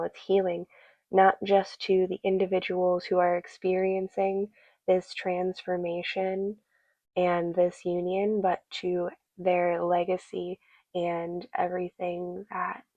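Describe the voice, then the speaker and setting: A woman giving a soft, meandering tarot reading, full of fillers and a little teary. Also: fairly low pitch, gravelly, no room sound, highs cut off. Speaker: tarot reader.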